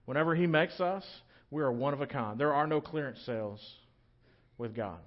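A man's voice: mid-range voice, moderate pace, highs cut off. Joking, conversational man preaching a sermon. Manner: conversational, joking, animated storytelling. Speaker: pastor.

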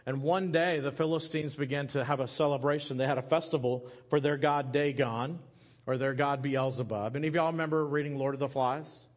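A man's voice: medium pitch, steady tone, brisk. A middle-aged man, preaching a sermon as a pastor, telling a scripture story with humorous asides to the congregation.

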